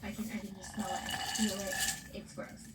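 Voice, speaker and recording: A woman's voice: medium pitch, flat delivery, brisk, echoey room, very noisy. A woman hosting a casual recap show, talking animatedly and bluntly, swearing freely. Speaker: podcast host.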